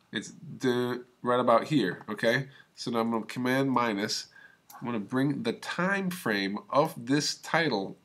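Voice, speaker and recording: A man's voice: mid-range voice, a bit bright. A man walks students through a video editing program, narrating every click and drag as he goes. His delivery is casual and plain, in an ordinary mid-range voice, with frequent checks like "okay?" and "right?". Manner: casual, talks through each click step by step. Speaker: teacher. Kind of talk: screen-recorded software tutorial.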